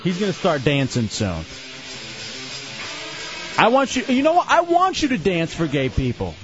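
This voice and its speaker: Animated male radio host, teasing. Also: high voice, normal speed, muffled recording, soft background music. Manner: teasing, mock-scolding. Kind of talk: casual radio banter. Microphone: studio mic.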